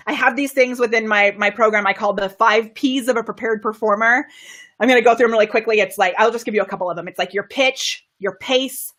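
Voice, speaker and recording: Streaming live from a home studio, a presentation coach full of bubbly enthusiasm laughs frequently and reads out viewers' comments. She varies her pitch and volume to show delivery techniques, and her voice has a somewhat bright quality.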